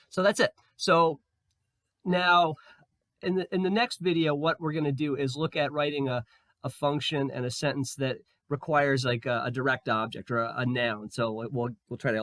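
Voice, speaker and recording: A man with a slightly hoarse voice explains code in a screen-recorded tutorial. He talks in a relaxed way while he works, with fillers and restarts. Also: mid-range voice, moderate pace, no room sound. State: slightly hoarse, losing his voice. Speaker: programming tutor.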